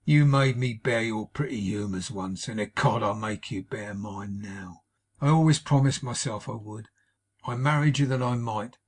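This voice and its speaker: Sneering drunken husband as a man reads him, snarling, husky, audiobook. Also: fairly low pitch, normal speed, lightly acted. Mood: contemptuous. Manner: snarling, contemptuous. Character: drunken cruel young husband, sneering and bullying. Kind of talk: audiobook character voice.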